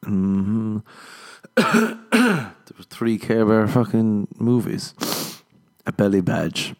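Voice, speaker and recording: Speaking very slowly, with big swings in pitch, a young man with a lowish voice hosts his solo podcast. The banter is casual and crude, and he laughs at his own jokes as he rambles.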